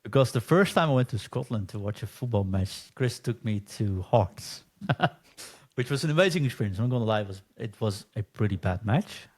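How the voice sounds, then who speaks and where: A man's voice: lowish voice, lively intonation, moderate pace. A man from the Netherlands, a Dutch native speaker, co-hosting a podcast and telling stories in casual chat, acting out quoted exchanges. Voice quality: chatty storyteller, acts out quoted exchanges. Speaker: podcast co-host.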